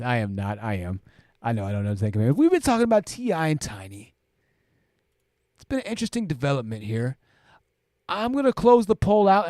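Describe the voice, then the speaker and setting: A man's voice: high-pitched, warm tone, no room sound, studio quality. A man hosting a livestream, reading viewer comments aloud and chatting about them, often tagging sentences with "right?" and restarting his phrases. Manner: conversational, keeps asking "right?"; self-interrupting restarts, repeats phrases. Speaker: livestream host.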